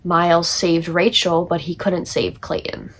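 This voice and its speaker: Chatty teenage girl, lower voice. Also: steady tone, measured pace, breathy edge. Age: teens. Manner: chatty, many likes and fillers, laughing. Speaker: student. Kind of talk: casual book summary.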